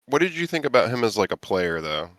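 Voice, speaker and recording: A man's voice: medium pitch, very animated, quick pace, a bit bright, no room sound, clean studio sound. A man as a podcast guest, blunt and laid back, swearing casually. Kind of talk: casual gaming chat.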